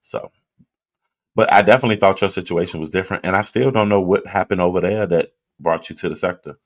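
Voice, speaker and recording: A low-pitched man talks fast during a casual live chat. Drink in hand, he reads viewer comments and speaks to his audience in a loose, chatty, direct way.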